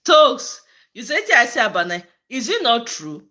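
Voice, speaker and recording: A woman's voice: on the high side, big pitch swings, slow, bright, forceful tone. A woman with a Nigerian accent hosting a casual live-stream chat, switching into Pidgin and answering viewers by name. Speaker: host of a live political chat channel.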